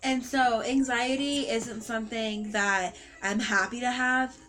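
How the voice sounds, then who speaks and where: A woman's voice: fairly high pitch, steady tone, measured pace, a bit bright, low-quality recording. A teenage girl vlogging casually about her own experience, rambling with many fillers and self-corrections. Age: teens. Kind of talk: casual personal storytelling.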